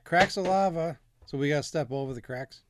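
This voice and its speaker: A man's voice: fairly high pitch, fairly quick, no echo. A man co-hosting a casual chat show, giving brief replies and laughing often. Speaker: podcast co-host.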